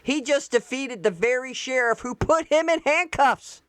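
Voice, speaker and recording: A woman's voice: high-pitched, normal speed. A woman hosting casual political commentary, blunt and exclamatory with folksy asides. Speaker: host.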